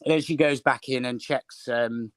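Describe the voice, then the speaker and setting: A man on a livestream telling a story in a relaxed, chatty way. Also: mid-range voice, unhurried, no room sound. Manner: relaxed and chatty, with fillers like "and whatnot". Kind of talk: casual storytelling chat.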